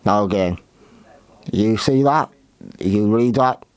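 A man hosting a show, talking through history in a halting way with many restarts and fillers. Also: on the low side, dry recording. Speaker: podcast host. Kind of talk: unscripted history commentary.

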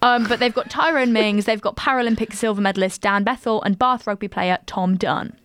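A woman's voice: a little high, brisk, fairly bright tone, a little hiss or hum. A young woman with a southern English accent, co-hosting a casual chat, teasing her co-host and laughing often.

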